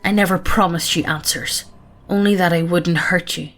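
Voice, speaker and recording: Creepy male forest monster, raspy and low-voiced, slow archaic speech, voiced by a woman. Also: fairly even intonation, fairly bright tone, close to an everyday voice. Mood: menacing. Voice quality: rough, raw, rasping.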